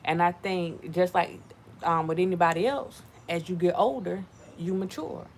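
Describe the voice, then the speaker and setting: A woman giving casual commentary to her viewers, animated and repetitive, talking to them as y'all. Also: fairly low pitch, moderate pace, slight background noise. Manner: animated, repeats herself, addresses viewers as y'all. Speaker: channel host.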